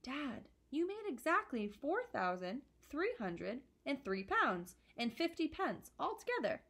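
A woman reading a storybook aloud, voicing a clever little girl who speaks quietly and gently. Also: high voice, sing-song, unhurried, exaggerated voice. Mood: gentle.

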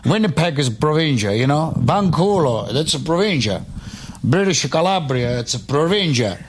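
An actor playing a brash, foul-mouthed boxer with an Italian accent in a comedy radio sketch. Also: male voice, fairly high pitch, sing-song, moderate pace, a little hiss or hum. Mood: mocking. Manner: swears constantly, brash and mocking. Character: crude Italian boxer, loud, insulting, boastful.

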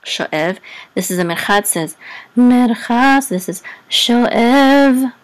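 A woman teaching a Hebrew reading lesson, sounding out syllables slowly, often pausing, correcting herself, and singing the cantillation marks higher. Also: steady tone, a bit bright. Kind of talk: casual Torah reading lesson.

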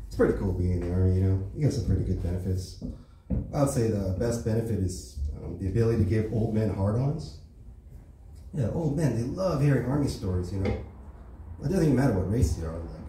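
A man's voice: fairly low pitch, dark tone, far from the mic, a little hiss or hum. A man from the Los Angeles area doing a stand-up comedy set, telling profane stories casually with lots of "right?" tags. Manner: casual, profane storytelling with many tag questions. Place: comedy club stage. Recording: echoey room, mic from afar.

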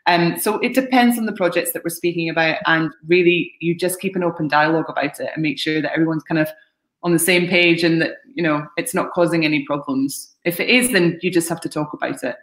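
A woman talent agent answers questions frankly and practically, restarting her sentences now and then. Her voice sits a little low. It rings in a roomy, echoey space, heard over a video call. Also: fairly even intonation, a little fast, a bit bright. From Scotland. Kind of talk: live-streamed Q&A answers. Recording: roomy echo.

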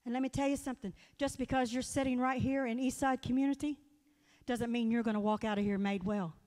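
A woman guest speaker delivers a folksy, earnest sermon in a church sanctuary, telling stories and appealing directly to her listeners. Her voice is a little high and darkish, fairly even in intonation, and she talks fast, with long hall reverb on the recording.

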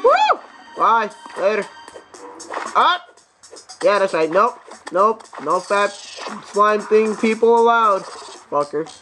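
A young man doing profane, excitable let's play commentary, talking back to the enemies on screen. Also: high-pitched, takes it slowly, long pauses, over music. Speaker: gameplay commentator.

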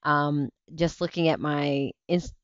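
A woman's voice: deep voice, fairly even intonation, slow, no room sound. A woman in her thirties hosting a casual talk show livestream, chatty and rambling, tired and burnt out. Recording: dull lo-fi stream audio.

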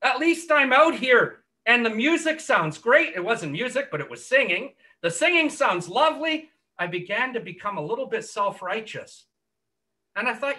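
Man, testimony preacher: high, bright, earnest storyteller. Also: very animated, normal speed, far from the mic. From Canada. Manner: earnest storytelling, drops quieter and lower for quoted words. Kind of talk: gospel testimony.

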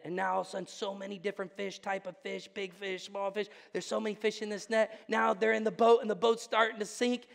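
High-voiced preacher in a reverberant church. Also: male voice, flat delivery, fast, creaky, hardly any pauses. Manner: swings between hushed intensity and loud exclamation. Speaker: pastor. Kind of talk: sermon. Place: church sanctuary.

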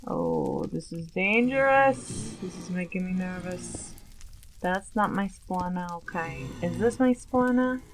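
Chatty low-voiced woman gaming. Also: very animated, takes it slowly, soft background music, poor audio. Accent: Long Island put-on at times. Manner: chatty, nervous, self-questioning. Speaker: let's play gamer. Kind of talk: casual gameplay commentary.

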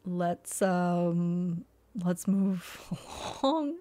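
Unhurried and a little mellow, a mid-range female voice offers live streaming commentary on house listings. She feigns outrage and exasperation, swears, laughs often and reacts out loud through rhetorical questions.

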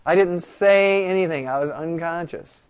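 A man teaches a law class in a classroom, his voice sitting a little high. He talks in an animated, joking way and keeps throwing rhetorical questions at the students. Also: normal speed, clear, resonant tone. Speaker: law lecturer. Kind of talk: classroom lecture.

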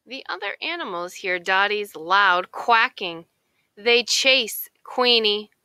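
Slow, expressive woman reading a picture book. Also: medium pitch, smooth, no echo. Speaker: narrator. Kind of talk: children's picture book read-aloud.

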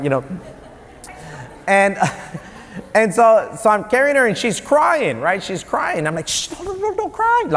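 Pastor preaching in a reverberant church. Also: male voice, a little high. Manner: conversational, animated, quick asides and jokes. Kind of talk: sermon with personal stories. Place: church sanctuary. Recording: long hall reverb.

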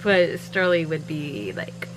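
A woman's voice: low voice, very animated, slow pace, music in the background, poor audio. A woman chatting casually from home in a rambling vlog, laughing often. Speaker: vlogger running a shirt business.

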